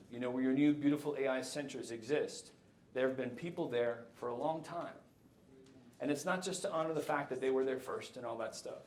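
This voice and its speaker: Animated man in his fifties, echoey hall. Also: mid-range voice, slight background noise. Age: 50s. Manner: animated, jokey, addresses the audience. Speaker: keynote speaker. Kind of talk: conference talk. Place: lecture hall.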